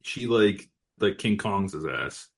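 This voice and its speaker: Sex: man. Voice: low and husky. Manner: jokey. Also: expressive, slow. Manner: chatty, jokey, acts out lines with exaggerated voices. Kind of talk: casual film discussion.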